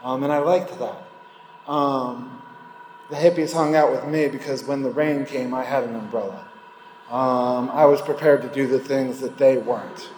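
A man's voice: medium pitch, normal speed, darkish tone, reverberant, big-room sound, a little hiss or hum, low-quality recording. A man speaking at a recovery meeting, giving a candid personal testimony and rambling between thoughts. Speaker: recovering alcoholic sharing at a meeting.

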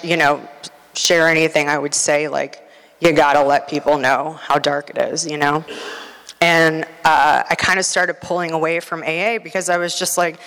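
A woman's voice: low-pitched, fairly bright tone. A woman giving a candid, rambling personal testimony at a recovery meeting, full of fillers. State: nervous, near tears. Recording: reverberant hall.

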